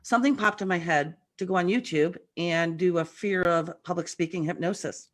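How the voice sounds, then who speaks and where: Chatty woman with a rough morning voice. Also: fairly low pitch, normal speed. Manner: animated, chatty storytelling. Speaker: guest medium. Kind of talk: casual chat.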